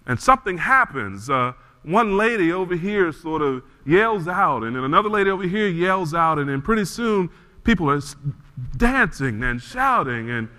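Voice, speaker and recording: A man preaching a sermon, telling a story in an animated way before he reads scripture and leads a prayer. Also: on the high side, moderate pace, long reverb tail. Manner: animated storyteller, frequent restarts. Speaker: pastor.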